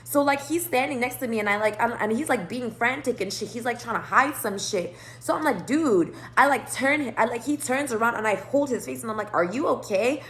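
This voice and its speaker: A woman's voice: fairly high pitch, slight background noise. A woman telling a long, rambling personal story to camera, swearing freely and acting out both sides of the conversation. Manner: rambling, profane, animated retelling. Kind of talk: casual storytime monologue.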